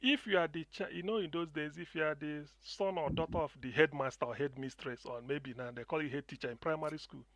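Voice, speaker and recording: A man's voice: a little high, fast, hardly any pauses, fairly bright tone, no echo. A middle-aged Nigerian man with a Nigerian accent, calling in to a talk show and speaking passionately and emphatically, often repeating himself. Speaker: caller. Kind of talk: impassioned call-in commentary.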